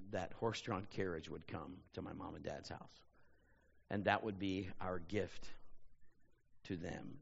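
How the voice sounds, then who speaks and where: A man's voice: fairly low pitch, creaky, in a large hall, muffled recording. A man preaching a sermon as a pastor, telling personal stories in a conversational way and often saying "you know". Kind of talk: sermon storytelling.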